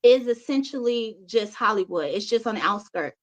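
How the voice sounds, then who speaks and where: Higher-voiced hesitant woman, muffled sound. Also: expressive, normal speed. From California. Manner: hesitant, with fillers and soft laughs. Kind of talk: casual chat.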